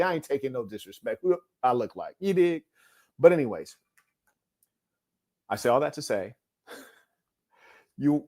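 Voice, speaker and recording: A man's voice: fairly high pitch, a little mellow. A man talking in a blunt, dismissive monologue full of slang, often asking "you hear me?". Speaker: host. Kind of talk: casual monologue.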